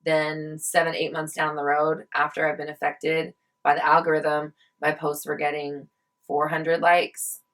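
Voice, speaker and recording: A woman's voice: sits low, completely flat delivery, a little slow, fairly bright tone. A young woman venting in a casual vlog, heated and swearing often as she rants. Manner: heated, swears a lot, ranting. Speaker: vlogger.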